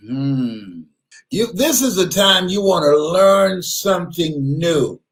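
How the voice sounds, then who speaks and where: A man giving an animated motivational speech, often laughing, repeating words and bursting into shouts. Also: a little high. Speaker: motivational speaker.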